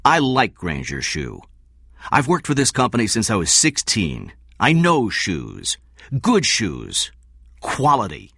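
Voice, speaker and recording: A man's voice: fairly low pitch, huge pitch swings, takes it slowly, vocal fry, a bit bright, husky, no echo, pitched above the performer's own voice, exaggerated voice. A man voicing a blunt, principled male shoe executive in his forties, speaking dryly and firmly in a read story. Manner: dry, firm, plain-spoken.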